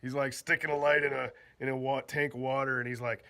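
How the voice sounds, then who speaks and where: Goofy laughing guy, bright. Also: mid-range voice, steady tone, quick pace, gravelly, hardly any pauses. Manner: goofy, laughing, slangy, acts out bits in voices. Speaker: off-grid living vlogger. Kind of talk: casual joking explainer.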